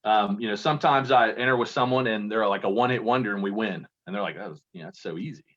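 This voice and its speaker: A man from Kentucky talking in a fairly low voice, telling loose, self-deprecating stories as an interview guest. His sound is dull and lo-fi, as over a video call. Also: quick pace, fairly bright tone. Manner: rambling, self-deprecating storyteller. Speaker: guest contest entrant. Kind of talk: casual interview chat.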